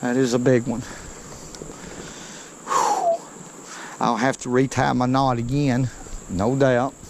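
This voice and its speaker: A man, giving excited, folksy commentary to viewers while he fishes a creek outdoors. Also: medium pitch, moderate pace, a little hiss or hum, low-quality recording. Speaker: fishing vlogger.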